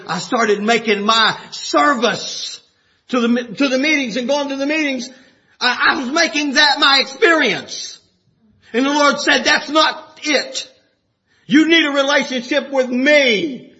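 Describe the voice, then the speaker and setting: A man preaching a sermon with passion, rising to shouts and dropping low. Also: a little slow, pauses often, lo-fi sound.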